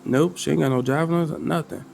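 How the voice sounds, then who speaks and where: A man running a solo tabletop game as game master, talking loosely in slang and thinking out loud. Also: fairly high pitch, fast, gravelly, a little hiss or hum. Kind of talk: casual tabletop game narration.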